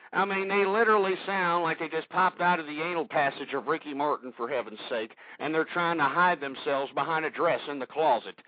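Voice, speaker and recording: A radio talk show host with a somewhat high voice rants combatively at callers on his call-in show, repeating himself in angry commentary. The audio is dry and phone-like.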